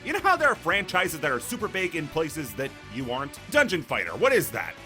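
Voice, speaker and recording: Guy doing a snarky video essay, kinda high voice, super bright. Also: a little fast, soft background music. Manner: sarcastic, animated, jokey asides. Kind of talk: comedic video essay narration.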